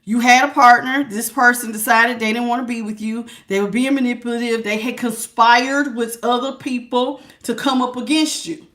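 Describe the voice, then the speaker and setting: A woman's voice: a little high, fairly even intonation, normal speed, hardly any pauses, fairly bright tone. A woman giving a live spiritual tarot reading, preachy and emphatic, repeating words for stress. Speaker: tarot reader.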